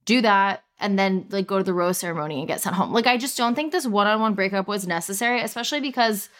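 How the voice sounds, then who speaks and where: A woman's voice: medium pitch, quick pace. A woman co-hosting a casual recap chat, wry and playful. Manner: lively, wry, playful asides. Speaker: podcast co-host.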